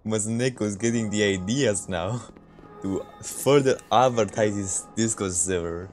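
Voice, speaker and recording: A man's voice: on the low side, unhurried, soft background music. A man streaming a multiplayer game, chatting casually with players and laughing often. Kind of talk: casual gaming livestream chat.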